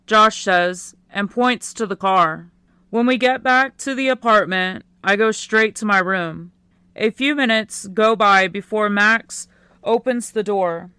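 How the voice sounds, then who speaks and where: A woman narrating a first-person teen romance audiobook in a quiet, unhurried way. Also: medium pitch, smooth, no echo.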